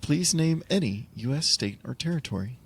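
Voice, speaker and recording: A man voicing a calm, mechanical intercom voice that politely and insistently runs a survey. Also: on the high side, normal speed, vocal fry, breathy edge, pitched above the performer's own voice, full character voice. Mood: calm coaxing.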